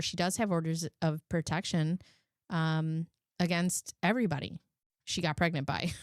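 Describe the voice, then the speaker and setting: A woman's voice: lowish voice, no echo, studio quality. A woman hosting a live stream, reading out court records with sarcastic asides. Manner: sarcastic asides, laughs at her own jokes. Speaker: live commentary host.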